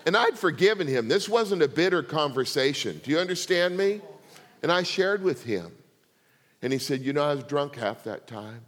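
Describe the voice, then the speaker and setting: A man's voice: fairly high pitch, normal speed. Older man preaching in a reverberant hall. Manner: animated, swings from quiet asides to loud laughing outbursts. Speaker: pastor. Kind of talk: sermon storytelling. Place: church sanctuary.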